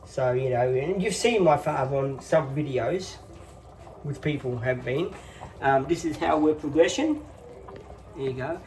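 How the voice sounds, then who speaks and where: A man's voice: mid-range voice, measured pace, a little mellow, distant mic, a little hiss or hum. A man in his fifties hosting a casual phone vlog, rambling on with lots of fillers in a reassuring tone. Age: 50s. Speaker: channel host.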